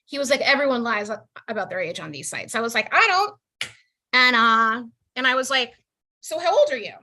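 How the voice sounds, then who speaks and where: 30s lady doing standup on a video call, super lively, bright high-ish voice. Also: a little fast, slight background noise. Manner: animated, jumps into exaggerated quoted voices. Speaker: stand-up comedian.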